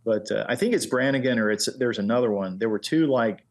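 A man's voice: medium pitch, brisk. A middle-aged man in casual conversation, telling long stories loosely with many fillers. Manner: relaxed anecdotes with many fillers. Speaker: guest, engraver. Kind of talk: casual chat, storytelling.

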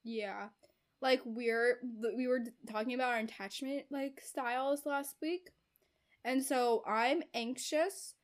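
A woman's voice: a little high, fairly even intonation, measured pace. A young woman in casual chat, retelling a story animatedly with lots of fillers and giggles.

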